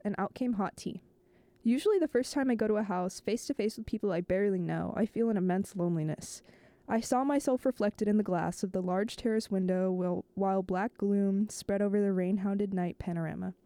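A woman host reading a novel aloud, slow and measured, now and then stumbling and restarting a phrase. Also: mid-range voice, mellow, no room sound.

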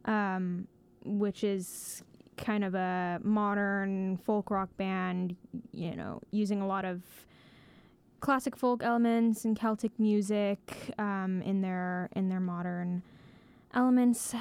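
A woman's voice: mid-range voice, fairly even intonation, slow, darkish tone, clear, resonant tone. Giggly, hesitant woman radio DJ. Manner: hesitant, full of ums and giggles. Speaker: college radio DJ. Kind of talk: casual on-air chat. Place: radio studio.

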